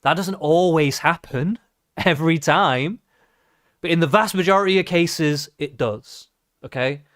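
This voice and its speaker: A man's voice: a little high, measured pace, a bit bright, dry recording. Male streamer, profane reactive ranter, dry closeup sound. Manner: profane, ranting, mocking. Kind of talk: live reaction stream commentary.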